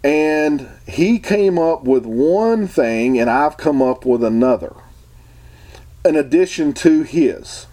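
A man's voice: fairly high pitch, expressive, slow pace, mellow. A man talking casually and emphatically to his viewers, opinionated and rambling, often restarting his sentences. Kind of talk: casual talk to camera.

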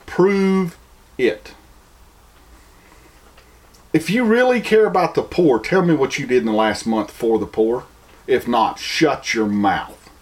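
A man's voice: medium pitch, slow pace, long pauses. A man with a Southern American accent, delivering an opinion monologue full of rhetorical questions and mocking imitations.

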